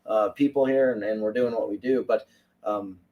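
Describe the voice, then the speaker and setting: A man's voice: lowish voice, steady tone, moderate pace, warm tone, highs cut off. A middle-aged man co-hosting a casual podcast, rambling and chatty. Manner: rambling, chatty, reads viewer comments aloud. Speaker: podcast co-host. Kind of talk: casual livestream chat. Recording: distant from the mic.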